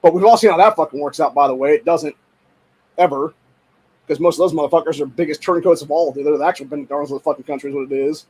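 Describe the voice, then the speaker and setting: A young man from Ohio hosting a show, ranting angrily and profanely, often shouting. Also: on the high side, quick pace, husky, poor audio. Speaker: podcast host. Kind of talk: angry political rant.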